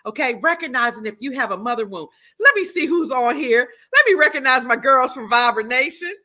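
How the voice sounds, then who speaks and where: A middle-aged woman hosting a live stream, teaching and greeting viewers by name in an animated, preacherly way. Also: sits high, fairly quick. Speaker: livestream host and prophetess.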